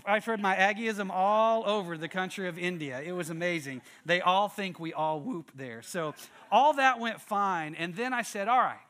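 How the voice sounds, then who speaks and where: Preacher, animated storyteller who acts out the scenes, high bright tone. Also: male voice. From Texas. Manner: animated, acts out quotes and sound effects. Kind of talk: storytelling sermon.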